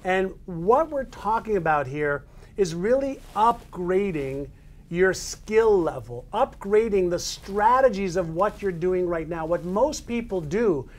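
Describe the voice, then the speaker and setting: A man hosting a live talk, with a slightly high voice and an easy conversational tone. He picks up his guest's ideas and sums them up for the listener. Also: lively intonation, measured pace. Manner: affirming, summarizes the guest's points. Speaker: host. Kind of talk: conversational interview.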